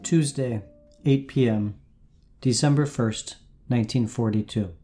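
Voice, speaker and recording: A man reading old wartime-era letters aloud in a measured, unhurried way with soft pauses. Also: mid-range voice, soft background music.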